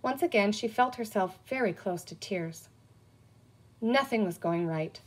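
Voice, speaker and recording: A woman's voice: medium pitch, a little slow. A woman reading a children's book aloud, telling it expressively. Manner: expressive storytelling. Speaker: reader.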